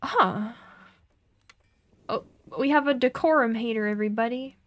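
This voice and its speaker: A woman's voice: a little high, normal speed, no echo. A young woman streaming a game, chatting casually, giggling often and reading game text aloud.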